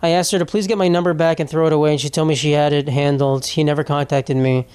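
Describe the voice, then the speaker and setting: A young man hosts a casual solo podcast, reading posts aloud and riffing on them. He rambles, swears freely and laughs through his words, in a voice pitched a bit high. The sound is dry and close, with no room in it. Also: level tone, quick pace, a little mellow, smooth, dry recording. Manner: rambling, profane, laughs while talking. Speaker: podcast host.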